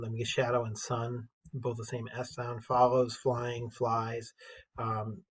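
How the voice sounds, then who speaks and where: Bright, husky-voiced male teacher. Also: medium pitch. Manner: casual, explanatory, addresses students directly. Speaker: English teacher. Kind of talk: recorded video lesson.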